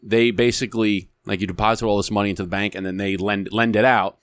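A man co-hosting a podcast in casual chat, talking in a blunt, animated, profane way. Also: fairly low pitch, fast, dry recording. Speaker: podcast co-host.

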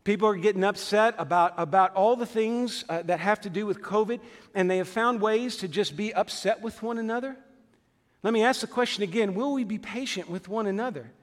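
A man's voice: high-pitched, a little fast, in a large hall. A man preaching a fervent sermon as a pastor, emphatic and full of rhetorical questions.

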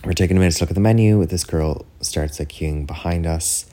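A man's voice: low-pitched, a little fast, dark tone. An Irish man hosting a podcast, telling a story in a chatty, rambling way, full of "like" and "do you know what I mean". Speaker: podcast host. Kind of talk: casual solo chat.

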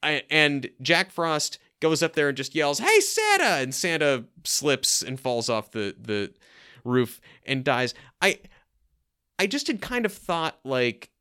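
Podcast co-host, male, playful and rambling, bright clean voice. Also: medium pitch, slow pace, clear, resonant tone. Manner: animated, joking, rambling with many restarts. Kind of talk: casual movie-review chat.

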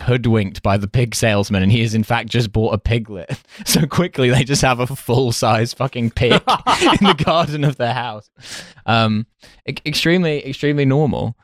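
A man's voice: on the low side, clear, resonant tone, dry recording, clean studio sound. A man co-hosting a podcast, telling stories in a wry, mocking way in casual chat. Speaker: podcast co-host.

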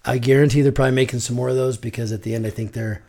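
Gravelly man hosting a casual chat. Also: mid-range voice, fairly even intonation, very fast, mellow. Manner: rambling, many fillers. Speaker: podcast host.

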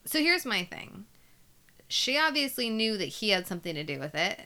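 A woman's voice: medium pitch, very animated, moderate pace, sharp tone. A woman co-hosting a podcast, reacting bluntly to a true crime story with lots of swearing and interjections. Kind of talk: casual chat.

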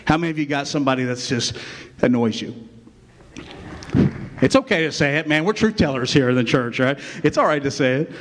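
A man's voice: mid-range voice, a little fast, pauses often. Conversational man preaching in a church. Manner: conversational, constant "right?" checks with the congregation. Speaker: pastor. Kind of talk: sermon. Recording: long reverb of a church hall.

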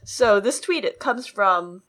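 A woman co-hosting a podcast in casual chat, upbeat and quick to agree. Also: medium pitch, animated, fairly bright tone. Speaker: podcast co-host.

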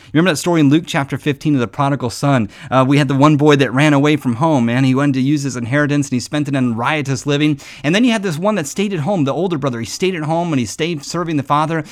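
A man preaching in an earnest, conversational way, swinging between hushed and emphatic passages. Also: on the high side, fast talker, few pauses. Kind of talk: sermon-style devotional talk.

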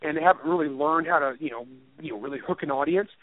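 A man's voice: fairly high pitch, fast, no room sound. A man, an author and writing teacher, chatting casually in an interview, rambling and self-deprecating and laughing often. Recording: tinny phone line, dry.

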